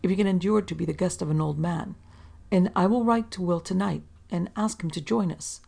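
A woman voicing a formal, courteous older gentleman welcoming a guest in a storybook reading. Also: fairly low pitch, a little fast, vocal fry.

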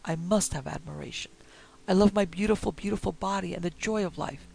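A man's voice: on the high side, moderate pace, creaky. A man voicing a desperate vain rich lady. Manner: pleading then commanding, raving. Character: vain, dying rich woman, desperate and imperious.

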